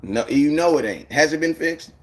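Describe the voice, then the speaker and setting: A man's voice: on the high side, lively intonation, moderate pace. A man chatting casually on a live stream, rambling in loose slang and greeting viewers by name. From United States.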